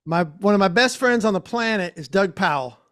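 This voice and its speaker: A podcast host with a notably high-pitched, animated, slightly bright voice interviews a guest casually over a video call, with no age or accent given. He gushes with praise, stays enthusiastic, and is quick to laugh.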